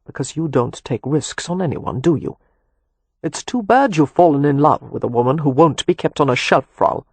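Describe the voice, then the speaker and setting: A worn-out, protective Romany man drawls with dry sarcasm, voiced by a male audiobook narrator. His tone sits a little high and husky, read close in a dead, dry booth. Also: expressive, moderate pace, dry recording, exaggerated voice. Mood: tense. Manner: dry sarcasm, earnest when tender.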